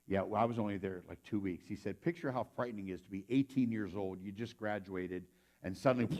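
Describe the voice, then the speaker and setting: A middle-aged man preaching a sermon at a mid-range pitch. He tells his stories casually and quotes the people in them aloud. Now and then he shouts out their lines. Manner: conversational storyteller, voices quoted people with sudden loud outbursts. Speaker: pastor.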